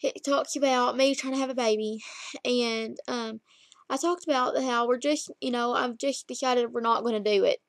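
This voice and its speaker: A young woman in her twenties tells a long story in a loose, rambling way to her laptop camera while lying down at home. Her voice sits a bit high for a woman. The sound is close and dry, with no room echo. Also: fairly even intonation, normal speed. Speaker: vlogger. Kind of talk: casual chat to camera. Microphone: laptop webcam.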